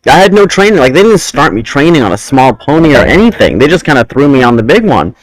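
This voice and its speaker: A man's voice: mid-range voice, quick pace, dry recording, rough recording. A man hosting a casual podcast chat, telling rambling stories about his childhood. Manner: animated, rambling storyteller. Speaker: podcast host.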